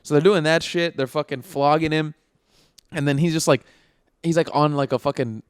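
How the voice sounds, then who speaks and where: A young man co-hosting a podcast, retelling a story with animated, profane energy in casual chat. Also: fairly high pitch, normal speed, smooth, dry recording, clean studio sound. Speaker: podcast co-host.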